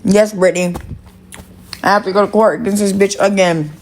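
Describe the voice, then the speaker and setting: A woman's voice: mid-range voice, fairly even intonation, a little fast, slight background noise. A woman hosting a livestream, telling a story to her viewers in a rambling, gossipy way, swearing and stressing her words. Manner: gossipy, profane, emphatic swearing. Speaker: livestream host.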